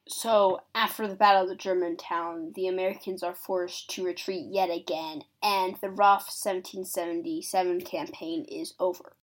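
A woman's voice: on the low side, fairly even intonation, moderate pace, few pauses. Chatty woman explaining history. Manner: chatty, acts out quotes, uses "like". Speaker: history presenter.

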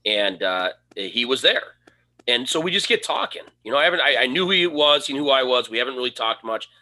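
A male podcast co-host speaks a bit fast in a medium pitch while sharing a relaxed anecdote. He acts out his own quoted lines in an animated way.

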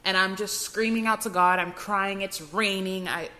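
A woman's voice: mid-range voice, fairly even intonation, moderate pace, bright, forceful tone. A young woman hosting a podcast, telling her personal faith testimony in an earnest, emotional way with frequent restarts. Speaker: podcast host.

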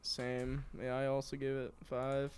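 A man's voice: medium pitch, completely flat delivery, a little slow, darkish tone, smooth. A man co-hosting a podcast in casual chat, often hesitant and trailing off. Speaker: podcast co-host. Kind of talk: casual card-review chat.

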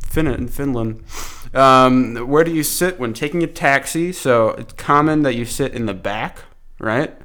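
A man's voice: unhurried, fairly bright tone. A man co-hosting a casual comedy chat, joking around with his friend. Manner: jokey, puts on silly high voices for bits. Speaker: podcast co-host.

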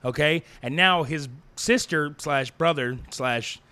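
A man on a casual podcast, explaining a story in halting bits and correcting himself. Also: a little high, bright, forceful tone, clean tone. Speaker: podcast co-host. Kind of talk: casual comedic recap.

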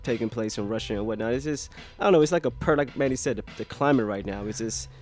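A man co-hosting a podcast in casual chat, teasing his friends with quick, joking questions. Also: medium pitch, darkish tone, soft background music. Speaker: podcast co-host.

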